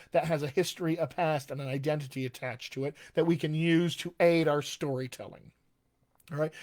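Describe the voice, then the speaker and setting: Upbeat dialect coach, slightly high voice. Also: male voice. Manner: enthusiastic, emphatic, conversational with many fillers. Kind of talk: live Q&A stream.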